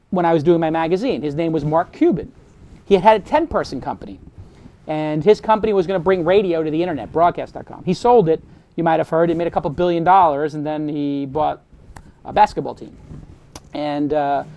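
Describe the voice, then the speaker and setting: A high-voiced man gives an animated, motivational talk to a room of students. He punctuates his stories with sound effects and shifts his delivery freely. His style is punchy, candid and confident. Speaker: host giving a talk to students. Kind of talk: motivational storytelling.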